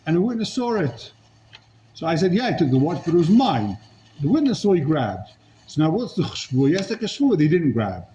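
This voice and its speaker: Animated man teaching a Talmud class. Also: on the high side, brisk, a little hiss or hum, rough recording. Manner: animated, rhetorical, mixing Hebrew and Aramaic terms.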